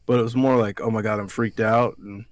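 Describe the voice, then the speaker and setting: Speaking fairly quickly in a lowish voice with fairly even intonation, a man co-hosts a podcast with no room sound. He is from Alabama and rambles through profane stories in casual chat, acting out the lines of others.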